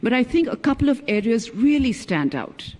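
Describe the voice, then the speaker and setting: Male diplomat, middle-aged, high-pitched, formal keynote, emphatic and deliberate. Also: sing-song, a little mellow. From India. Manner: emphatic, stresses key words, measured delivery. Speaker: former ambassador, conference speaker.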